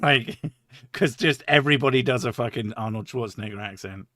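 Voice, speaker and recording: A man's voice: mid-range voice, brisk, a bit bright, dry recording, clean studio sound. A man hosting a stream, rambling and swearing, laughing often in casual chat. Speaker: streamer host.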